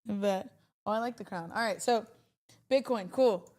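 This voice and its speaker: A woman hosting a casual trading livestream, chatty and animated, talking straight to her chat. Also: mid-range voice, measured pace.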